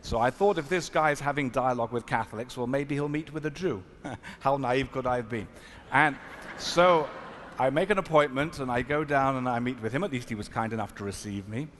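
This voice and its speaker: A man from South Africa, a rabbi, telling a story at a panel in an earnest, reflective, halting manner. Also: medium pitch, fairly bright tone. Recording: echoey hall, faint noise.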